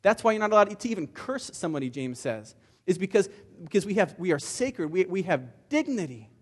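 Fervent preaching man, slightly high voice. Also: sing-song, fairly quick, slightly rough. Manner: impassioned preaching with frequent word repeats. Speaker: pastor. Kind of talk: sermon.

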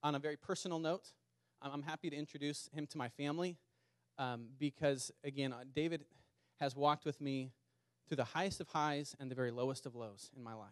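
An earnest male pastor delivering a sermon to a small congregation, his voice sitting a touch high for a man. He repeats phrases and slows down to press a point home. The sound is close and dry, with little room echo. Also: steady tone. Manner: earnest, repeats words, speeds up and slows for emphasis. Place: small church meeting in a community center.

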